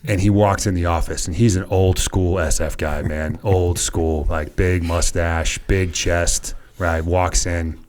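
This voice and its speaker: A man in his thirties with a Boston accent, a former soldier telling relaxed, self-deprecating stories as a podcast guest. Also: low-pitched, unhurried, hardly any pauses. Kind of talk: casual storytelling interview.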